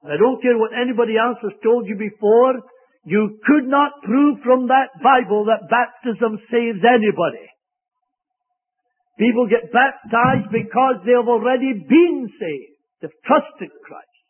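Male preacher, very high husky voice, emphatic sermon delivery, tinny lo-fi recording. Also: a little slow.

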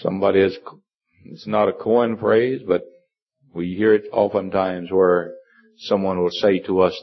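Delivering an earnest, meandering sermon, this preacher keeps a steady tone at a slightly slow pace, though his pitch rises for emphasis. He pauses frequently with fillers, and the recording is dull and lo-fi.

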